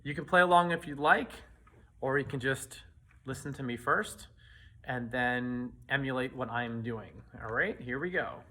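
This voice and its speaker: A man's voice: medium pitch, measured pace, bright, forceful tone. A man teaching a flute part, talking students through rhythm and articulation and scatting the phrases on syllables. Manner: scats rhythms on syllables between instructions. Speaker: band teacher. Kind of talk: casual music rehearsal lesson.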